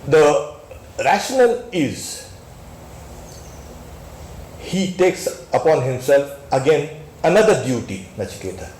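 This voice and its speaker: A man's voice: mid-range voice, darkish tone. A man teaching a scripture class as a swami, talking in a conversational and emphatic way, with frequent exclamations. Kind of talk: scripture lecture. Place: temple hall. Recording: echoey hall recording with faint noise.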